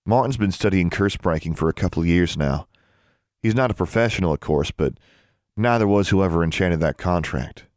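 Man voicing a secretive boy wizard, deep and lively delivery. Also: normal speed, no echo, studio quality. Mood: confiding.

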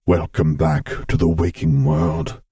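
Vader, a man as a soft-spoken fond dark lord. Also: sing-song, creaky, exaggerated voice. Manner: slow, soft, fond rumble. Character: armored dark lord, gentle and fond with a child.

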